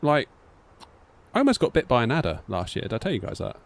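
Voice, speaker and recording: In a dry recording, a British man in his thirties talks fast at a medium pitch. He's a flight sim streamer from the United Kingdom telling rambling, animated stories in a casual live-stream chat and acting out the voices in them.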